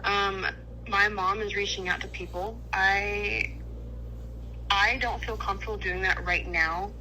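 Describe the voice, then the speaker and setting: A woman's voice: mid-range voice, fairly even intonation, measured pace, bright, forceful tone, a little hiss or hum. A woman on a phone call, speaking hesitantly and growing defensive. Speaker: caller.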